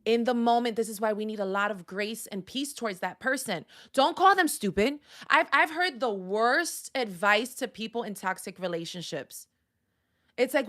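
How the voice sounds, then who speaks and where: A woman counselor speaks on a faith-based live stream, with a voice sitting a little on the high side. She talks emphatically in a preacherly way and punctuates her points with exclamations. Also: animated, normal speed, sharp tone.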